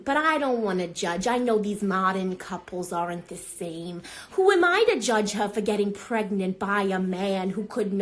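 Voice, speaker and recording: In an improvised phone livestream, a woman plays a brash, foul-mouthed old grandmother who rambles, swears, and keeps getting sidetracked. Her natural voice sits at medium pitch but is pushed down for the character. It's a comedy bit done on the fly.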